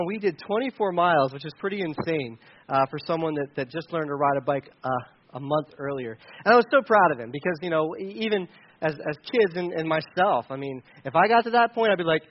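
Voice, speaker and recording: High-voiced pastor telling a story. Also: male voice, moderate pace, lo-fi sound. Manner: animated storytelling with many restarts. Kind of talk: sermon with a personal story.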